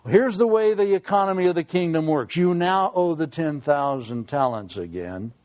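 A man preaching a sermon in a folksy, humorous way, dropping quiet for serious points. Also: a little high, normal speed. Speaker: pastor.

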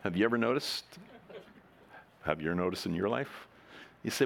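A man's voice: fairly low pitch, very animated, a little fast, creaky, pauses often. A middle-aged man preaching a sermon in a conversational, joking way, acting out the voices of the people in his stories. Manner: conversational, jokey, acts out quoted voices. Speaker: pastor.

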